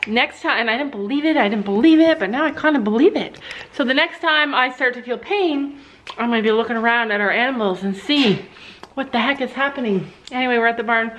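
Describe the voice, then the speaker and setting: Chatty grandmother with a high voice. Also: brisk, a bit bright. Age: older. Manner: chatty, baby-talk to a toddler and animals. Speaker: vlogger. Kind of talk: casual vlog chat. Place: outdoors at a farm and barn.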